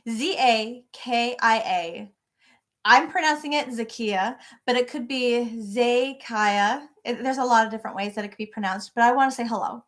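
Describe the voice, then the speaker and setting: Middle-aged woman, slightly high voice, bubbly live-stream host chatting from her home office. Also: a little fast. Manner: bubbly, greets viewers by name. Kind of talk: casual live-stream chat.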